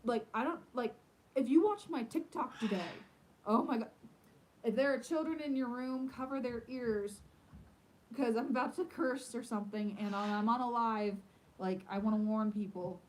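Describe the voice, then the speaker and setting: A woman's voice: on the high side, moderate pace, slight background noise, poor audio. A woman hosting a casual live stream from home, chatting in a rambling way with lots of fillers. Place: at home in the evening.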